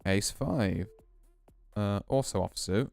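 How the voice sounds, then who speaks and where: A man's voice: fairly low pitch, takes it slowly, creaky, darkish tone, soft background music. A man streaming a poker game, casually musing and explaining his hands as he plays. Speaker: VTuber streamer. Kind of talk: casual poker play commentary.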